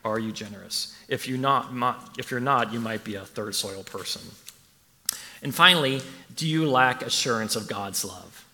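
A pastor preaches a sermon in a church, his mid-range voice bright and forceful in a large hall at a moderate pace. He speaks conversationally and repeats his questions for emphasis.

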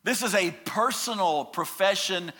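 A man preaching a sermon as a pastor, emphatic, swinging from loud declarations down to hushed, drawn-out words. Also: high voice.

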